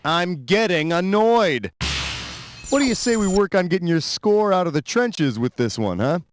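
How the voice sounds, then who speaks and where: A man's voice: high voice, very animated, fairly quick, slight background noise. A man voicing a brash, sarcastic quiz show host in a comedy trivia game. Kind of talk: video game voice acting. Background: game music.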